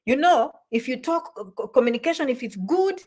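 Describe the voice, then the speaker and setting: A woman giving casual advice, lively and repetitive, often checking "okay?" and "you understand?". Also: sits high, a little fast. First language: not English. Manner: animated, repeats "okay?" and "you understand?", acts out quoted voices. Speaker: immigration advice vlogger. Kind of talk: casual explainer talk.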